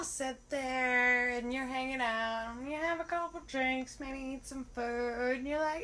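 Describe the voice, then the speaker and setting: A woman's voice: sits high, fairly even intonation, a little slow, few pauses, sharp tone. A young woman telling a casual comic monologue, swearing freely and acting out her own thoughts. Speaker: comedian.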